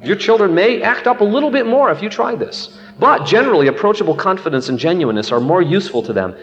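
A man's voice: high-pitched, very animated, quick pace, big-room sound, highs cut off, soft background music. A man preaching a sermon and telling a children's story, acting out its voices.

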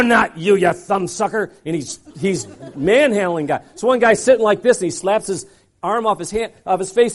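A man with a high-pitched voice telling a personal story in the style of a sermon. He acts out each scene with drama and throws in quick asides to the listeners.

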